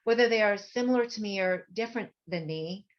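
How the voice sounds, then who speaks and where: Earnest woman telling a story, lo-fi. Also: mid-range voice. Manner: earnest, halting, with many fillers and restarts. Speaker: guest. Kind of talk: emotional personal storytelling.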